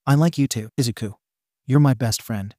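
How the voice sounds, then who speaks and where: A man reading the lines of a gentle, devoted teenage boy who speaks in a soft murmur. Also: medium pitch, normal speed, no echo, studio quality, natural voice. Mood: tender.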